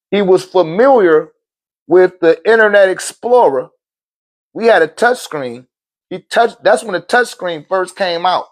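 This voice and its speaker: High-voiced man lecturing casually. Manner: animated, swings into loud shouted quotes; laughs often, swears, street slang. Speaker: spiritual teacher.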